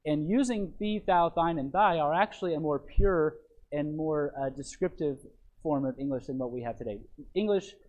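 A man's voice: on the high side, moderate pace, dull audio. A man, a pastor teaching from a sermon outline, often checking in with his listeners and repeating phrases. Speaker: pastor teaching a Bible lesson.

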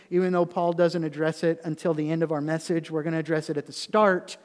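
Preaching man in a reverberant church. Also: high voice. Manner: conversational preaching with rising emphatic peaks. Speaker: pastor. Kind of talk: sermon. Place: church sanctuary.

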